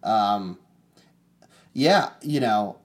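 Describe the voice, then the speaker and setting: A man's voice: on the low side, expressive, very slow. Easygoing male host, short agreeable replies. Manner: brief agreeable interjections, laughs often. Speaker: show host. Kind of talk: casual interview chat.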